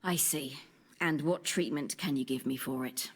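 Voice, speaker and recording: A sharp-witted Elizabethan lady who keeps her troubles close. Her voice sits very low and measured, and her formal, old-fashioned words carry a dry bite. A game character through and through. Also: breathy edge. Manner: archaic formal speech, dry and cutting. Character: witty, guarded Elizabethan woman patient. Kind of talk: video game voice acting.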